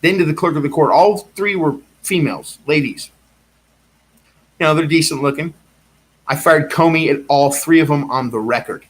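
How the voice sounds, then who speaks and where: A man's voice: medium pitch, a bit bright. A man with an ordinary mid-range voice talks in a long rambling monologue. He is insistent and keeps circling back to the same points. His delivery stays driven and repetitive.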